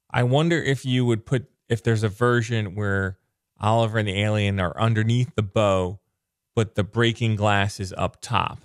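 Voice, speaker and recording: A man reviewing a comic book in a casual, excitable, rambling way, full of filler words. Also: on the low side, no room sound, clean studio sound.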